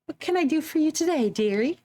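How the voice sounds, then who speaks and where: A woman voicing a kindly tiny old village granny who sells bread, in a sweet, fussing, drawn-out lilt. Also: high-pitched, expressive, mellow, voice pushed up. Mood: doting. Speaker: streamer voicing game dialogue.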